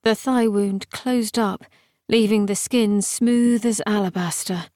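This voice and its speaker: A woman narrating a fantasy audiobook in a measured, even storytelling manner, close to the mic. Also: medium pitch, no room sound.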